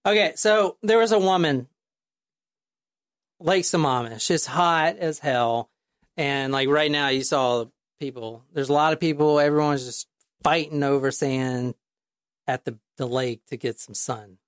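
Low-voiced profane woman telling a story. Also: unhurried, dry recording, studio quality. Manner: profane, rambling storyteller with many fillers. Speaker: podcast host telling a true crime story. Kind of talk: casual chat.

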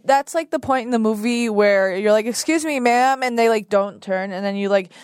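A woman co-hosting a casual podcast, making quick joking asides. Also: mid-range voice, fairly even intonation, a little mellow, clear, resonant tone, no room sound, clean studio sound. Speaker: podcast co-host. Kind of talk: casual chat.

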